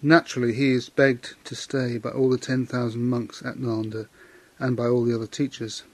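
A man's voice: mid-range voice, level tone, dry recording. Man telling a Buddhist legend. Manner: measured storytelling with moral comment. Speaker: Buddhist teacher. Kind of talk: Dharma talk retelling a legend.

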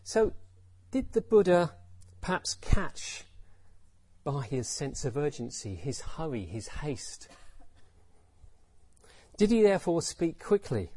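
Male dharma teacher, reflective and questioning; slightly high, husky voice. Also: very animated, unhurried, dark tone, no echo. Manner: reflective, repeats phrases, asks rhetorical questions.

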